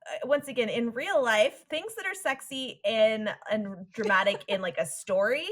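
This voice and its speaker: A woman co-hosting a podcast, recapping an episode in casual chat, animated and laughing often as she acts out lines. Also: on the high side, moderate pace. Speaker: podcast co-host.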